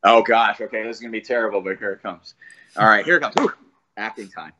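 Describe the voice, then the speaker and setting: A man's voice: lowish voice, quick pace, dull audio, slight background noise. A man, a voice actor guest, talking enthusiastically in a casual podcast interview. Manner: enthusiastic, animated storyteller.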